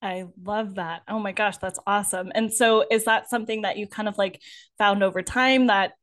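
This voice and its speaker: A woman's voice: mid-range voice, steady tone, normal speed, a bit bright. A woman hosting a podcast, upbeat and gushing, interviewing a guest with many fillers. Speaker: podcast host.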